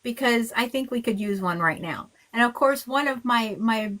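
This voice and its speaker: A woman rabbi co-hosting a casual chat, sardonic, with quick comebacks and Yiddish slang. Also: on the high side, fairly bright tone. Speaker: rabbi and co-host.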